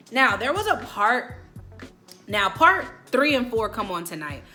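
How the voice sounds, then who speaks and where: Brief: late-twenties female vlogger, opinionated and animated, light music underneath. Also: medium pitch. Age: late 20s. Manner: animated, opinionated, quotes people in put-on voices. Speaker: host. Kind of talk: casual video commentary.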